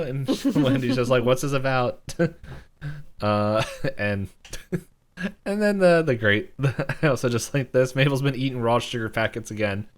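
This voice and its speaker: A man's voice: medium pitch, animated, a little slow. A man co-hosting a podcast, casually retelling a cartoon episode in a rambling way, full of "like" and little chuckles. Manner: rambling retelling, heavy use of "like", frequent chuckles. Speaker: podcast co-host. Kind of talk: casual episode recap chat.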